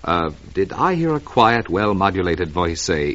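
Hearty low-voiced male radio announcer. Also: very animated, unhurried, a bit bright. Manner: hearty, salesy pitch. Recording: lo-fi old radio recording.

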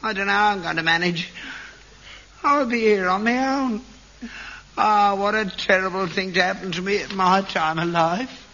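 A crotchety, creaky old father, swinging from glee to self-pity with a bright, lively, high voice. He grumbles in thick speech. The old television recording sounds dull and muffled. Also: normal speed, slight background noise. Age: older. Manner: grumbling, gleeful, self-pitying. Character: cantankerous selfish old father, working-class. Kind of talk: 1960s sitcom acting.

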